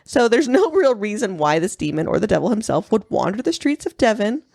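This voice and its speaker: A woman chats on her podcast, laughing easily as she tells a story. Her pitch leaps around in a lively, animated way, and the sound is dry and close with no room around it. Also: brisk, creaky, dry recording. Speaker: podcast co-host. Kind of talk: casual chat.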